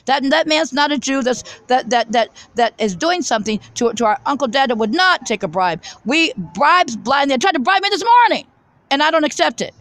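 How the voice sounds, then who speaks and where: A woman with a high voice rushes through a rambling monologue to her viewers. She is fervent and keeps restarting and repeating words. The recording is dry with almost no room sound. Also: animated, a bit bright, no room sound, low-quality recording. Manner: fervent, repetitive, many restarts and stammered repeats. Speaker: vlogger. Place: coffee shop.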